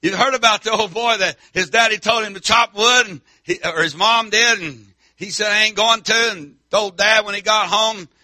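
A middle-aged man preaching a fiery country sermon, whooping and shouting, then dropping low and soft. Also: moderate pace, hardly any pauses, no echo.

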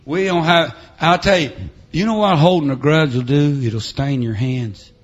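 Shouting revival preacher man. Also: on the high side, moderate pace. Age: middle-aged. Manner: swings between shouted preaching and quiet storytelling; punctuates with "uh, amen" and "huh?". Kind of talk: revival sermon. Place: church sanctuary with PA.

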